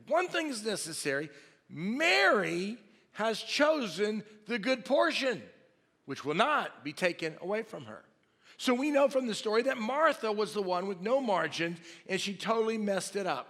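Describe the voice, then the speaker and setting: A man's voice: high-pitched, big pitch swings, moderate pace, fairly bright tone. A man, preaching a sermon and acting out the people in his story. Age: 50s. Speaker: pastor. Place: large church hall. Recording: long hall reverb from a church sanctuary.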